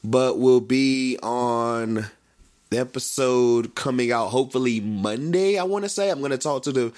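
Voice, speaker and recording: A man's voice: medium pitch, a little slow, a little mellow. A man co-hosting a casual sports podcast, talking in a laid-back, slangy, rambling way with lots of fillers. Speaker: podcast co-host.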